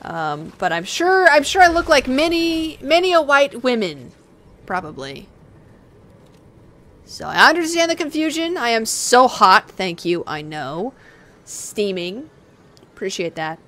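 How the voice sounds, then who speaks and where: A playful woman streamer jokes sarcastically as she plays, her voice sitting on the higher side. Her pitch bounces around a lot from line to line. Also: big pitch swings, a little slow, a bit bright. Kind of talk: casual live-stream chat while gaming.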